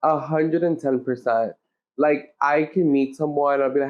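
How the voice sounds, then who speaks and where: On slightly muffled lo-fi audio, a podcast co-host talks in casual chat, blunt and emphatic, with plenty of swearing. Her low voice keeps a steady tone at a normal speed.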